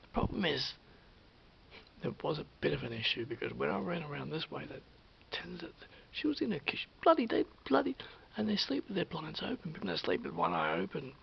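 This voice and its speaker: A man with an Australian accent telling a story to camera in a casual vlog, animated, swearing freely and dropping into whispers. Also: fairly high pitch, fairly quick. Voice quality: gravelly. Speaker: vlogger. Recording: dull lo-fi with faint hiss.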